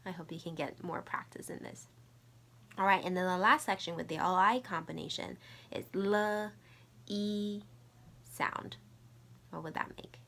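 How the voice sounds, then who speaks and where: A woman's voice: on the low side, measured pace, sharp tone. A middle-aged woman teaching a Mandarin lesson, patiently drilling tones and repeating syllables. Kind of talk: recorded language lesson.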